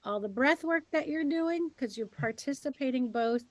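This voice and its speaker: A woman co-hosting a podcast, calmly and reassuringly giving gentle advice in casual chat. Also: high voice, moderate pace, no room sound. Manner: calm, reassuring, gently advising. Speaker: co-host and healer.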